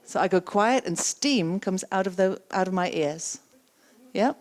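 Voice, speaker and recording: Her medium-pitched delivery is lively and conversational as she leads an interactive keynote on coaching at a conference. She's a keynote speaker and coaching trainer who mirrors the audience's words and fires off quick follow-up questions.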